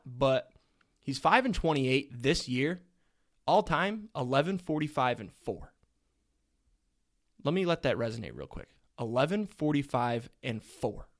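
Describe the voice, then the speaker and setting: Joking man hosting a solo sports podcast. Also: medium pitch. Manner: joking, rambling, crude humor. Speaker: podcast host.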